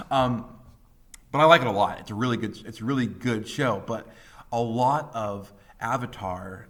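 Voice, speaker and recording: A man in his thirties gives a loose, chatty English lesson. His voice sits fairly low, and he drops into quick voices when quoting people. His talk is full of ums and likes. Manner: casual and animated, with many fillers and voiced quotes. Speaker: high school English teacher. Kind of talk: classroom lecture.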